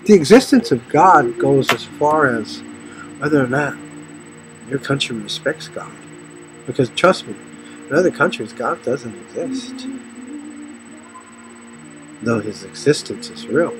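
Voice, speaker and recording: A man's voice: expressive, a little slow, pauses often, low-quality recording. Rambling middle-aged man with music behind. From Los Angeles area. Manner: storytelling, voices others with sudden high shouts. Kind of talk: rambling personal talk about faith.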